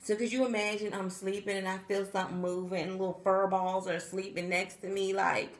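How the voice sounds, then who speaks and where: Chatting casually to camera, a tired pregnancy vlogger addresses her viewers and acts out things people said. She speaks a little fast in a medium-pitched, level tone, in an echoey room with slight background noise.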